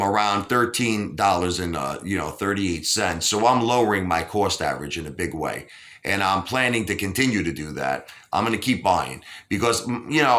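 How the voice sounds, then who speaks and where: A man's voice: on the low side, pushed and bright. A man from Brooklyn, hosting a casual interview and rambling with lots of "you know". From Brooklyn, New York. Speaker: host.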